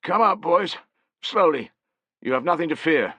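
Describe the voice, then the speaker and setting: A male narrator gives voice to a frail old man of eighty, croaking and slow as he begs. The voice sits high and thin, lively in its pitch, and the recording is close and dry. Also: dry recording, exaggerated voice. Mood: coaxing.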